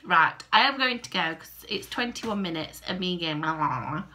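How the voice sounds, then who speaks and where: A woman's voice: lowish voice, lively intonation, normal speed, bright, forceful tone. A woman talking casually to camera at home for her vlog, rambling and self-deprecating. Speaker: crochet vlogger. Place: at home by a window.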